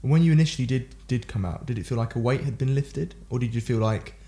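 A man's voice: mid-range voice, fast, mellow. A man hosting a podcast interview, asking questions and responding supportively. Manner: supportive, with frequent mm's and laughs. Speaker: podcast host. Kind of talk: casual interview.

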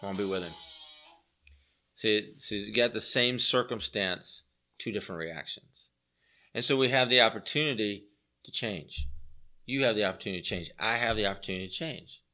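A man's voice: on the low side, moderate pace, pushed and bright. A man preaching a conversational sermon as a pastor, earnest, repeating phrases for emphasis and putting rhetorical questions to his listeners.

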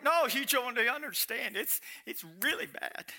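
A man preaching a sermon as pastor, emphatic and animated, acting out quotes with dramatic pauses. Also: very high-pitched, gravelly.

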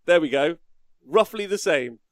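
Bloke mock-ranting on a hobby chat, swears a lot, jumpy high-ish voice, dry close sound. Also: male voice, lively intonation, unhurried, no room sound. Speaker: podcast co-host.

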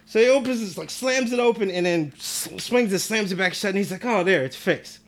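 High-voiced man telling stories animatedly. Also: brisk, a little hiss or hum. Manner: animated, acts out the people in his stories, laughs often. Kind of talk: casual storytelling chat.

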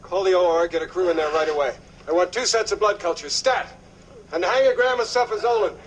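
An actor playing a doctor who curtly calls out orders in an emergency. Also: male voice, high-pitched, fast talker, slight background noise, natural voice, poor audio. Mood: urgent. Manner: curt, commanding, calling out orders. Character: brisk doctor in charge of an emergency.

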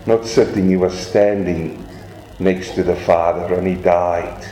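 A man's voice: deep voice, fairly even intonation, a little slow, mellow, slight background noise. A man preaching a sermon, telling stories dramatically and asking the congregation rhetorical questions. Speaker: pastor. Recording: echoey church room.

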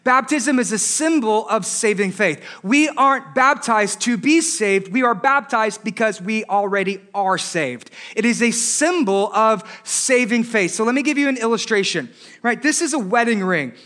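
A married man preaching a sermon as pastor, animated, with joking asides and rhetorical questions. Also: sits high, moderate pace. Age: adult, married.

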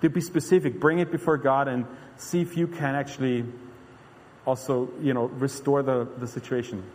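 A man's voice: medium pitch, fairly even intonation, normal speed, darkish tone, slight background noise. A man preaching a sermon in an earnest, conversational way, often restarting his sentences. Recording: long hall reverb.

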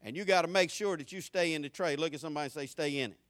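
High, bright-voiced man preaching a sermon. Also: very fast, dry recording. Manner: animated preaching that swings from loud and driving to low and hushed; repetitive, rhythmic phrasing with homespun asides. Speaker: pastor.

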